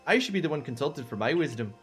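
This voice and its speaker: A man's voice: a little high, lively intonation, fast, a bit bright, faint music behind. A man doing Melly, a smug pompous clan leader. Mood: haughty. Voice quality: affected put-on accent. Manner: drawling, smug, belittling.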